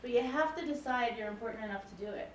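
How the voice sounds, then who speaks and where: Speaking quickly in a slightly high voice, this music professor in her forties delivers a frank, personal public lecture. The lecture-hall recording sounds roomy, with the mic at a distance and a little hiss or hum.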